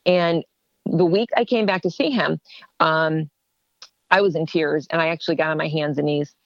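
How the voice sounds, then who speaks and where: Female interview guest, lower register, animated storyteller, dry close recording. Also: normal speed, no echo, muffled recording. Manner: animated, acts out quoted dialogue.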